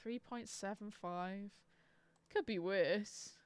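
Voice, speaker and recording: A woman's voice: medium pitch, takes it slowly, clear, resonant tone. A young woman chatting casually on a live stream, sarcastic and swearing freely. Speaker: book streamer.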